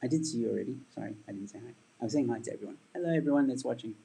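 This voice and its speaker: Husky-voiced man chatting on a livestream. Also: mid-range voice, very fast, warm tone, poor audio. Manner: rambling, chatty, reads and answers viewer comments. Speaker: livestream host and stand-up comedian. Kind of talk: casual livestream chat.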